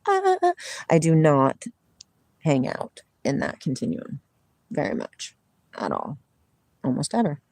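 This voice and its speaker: A woman's voice: on the low side, a little mellow, no echo, studio quality. A middle-aged woman hosting a casual livestream, chatting, laughing often and reading spiritual passages aloud, outdoors near water. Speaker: livestream host.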